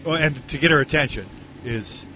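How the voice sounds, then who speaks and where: Man, radio show regular, laid-back, agreeable, bright voice, faint noise. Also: mid-range voice, moderate pace. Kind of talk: casual on-air banter.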